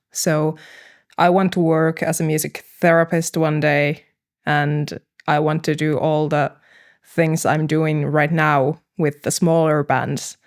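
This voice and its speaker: Slow, creaky-voiced young woman. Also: low voice. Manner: thoughtful, hesitant, with frequent fillers and laughs. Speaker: band manager and vocalist, podcast guest. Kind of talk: casual podcast conversation.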